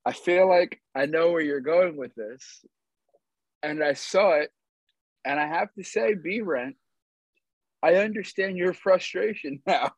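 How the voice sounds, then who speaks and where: A man's voice: on the high side, slow, long pauses, no room sound. A man co-hosting a podcast, joking around in casual chat over dull lo-fi audio. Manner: playful, jokey. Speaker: podcast co-host.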